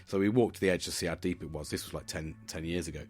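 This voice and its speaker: A deep, low-pitched man speaking in a casual, reflective monologue as a podcast host. He talks in a chatty, open way, swears freely and keeps checking in with "do you know what I mean". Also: quick pace.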